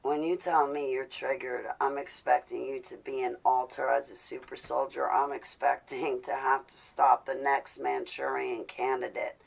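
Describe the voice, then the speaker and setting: Gravelly-voiced woman venting to viewers. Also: a bass voice, little pitch movement, normal speed, hardly any pauses, low-quality recording. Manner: intense, confessional, rising to indignant. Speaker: vlogger speaking to live viewers. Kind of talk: casual live-stream talk.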